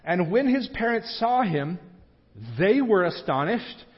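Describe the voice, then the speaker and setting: Male pastor, fairly high voice, chatty sermon delivery with joking asides; dull lo-fi church recording. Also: animated. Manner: conversational, with joking asides and quick restarts. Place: church sanctuary. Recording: dull lo-fi sound with a long hall reverb.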